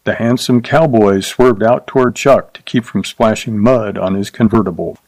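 A man narrating a short story aloud in a steady, measured reading. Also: lowish voice, no echo, poor audio.

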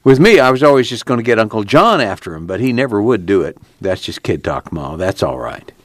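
Brooding young fugitive, read by a man, plainspoken rural drawl, animated delivery. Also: on the low side, brisk, no room sound. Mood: rueful. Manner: folksy rural dialect, thoughtful and plainspoken. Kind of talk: audiobook character reading.

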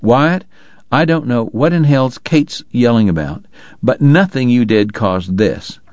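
A man's voice: medium pitch, expressive, unhurried, a little mellow, no echo, dull audio, lightly acted. A man voicing a curt, authoritative frontier doctor who snaps orders and explains matter-of-factly. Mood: stern.

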